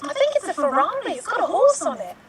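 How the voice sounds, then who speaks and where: A woman's voice: very high voice, huge pitch swings, fast talker, distant mic, over a noisy crowd, full character voice. A woman voicing a chiding, encouraging nail technician in an online improv scene. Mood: bossy. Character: bossy upbeat female nail technician.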